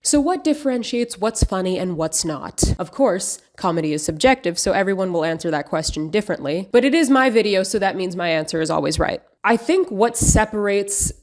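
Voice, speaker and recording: Woman essayist, dry sardonic delivery, mid-pitched. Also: lively intonation, fairly quick, few pauses. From United States. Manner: dry, sarcastic humor. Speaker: video essay creator. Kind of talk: scripted video essay commentary.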